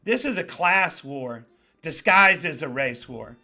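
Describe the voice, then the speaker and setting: A man's voice: a little high, sing-song, takes it slowly, bright, forceful tone. A man with a New York accent hosting a casual live chat, greeting viewers by name and repeating points for emphasis. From the Bronx. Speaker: livestream host.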